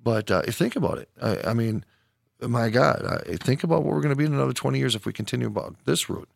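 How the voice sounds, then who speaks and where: A man's voice: mid-range voice, animated, fast talker, vocal fry, no echo, studio quality. A man hosting a podcast in casual chat, joking and laughing often. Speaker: podcast host.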